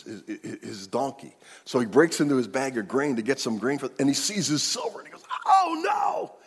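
Middle-aged male pastor, husky, animated sermon storyteller, reverberant hall. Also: sits high. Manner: animated, acts out the scripture story.

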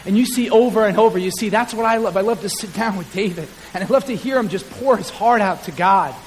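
A high-voiced male pastor preaches to his congregation in an animated, chatty way and pokes fun at himself. His voice rings with a long hall reverb and a faint hiss sits under it. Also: fast. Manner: animated, conversational, self-deprecating humor. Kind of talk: sermon. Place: church sanctuary.

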